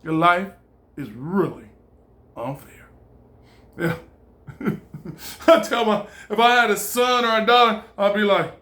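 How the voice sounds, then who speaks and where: A man giving an animated, preachy motivational monologue, laughing often and swearing freely. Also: sits high, slow, pauses often. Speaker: vlogger.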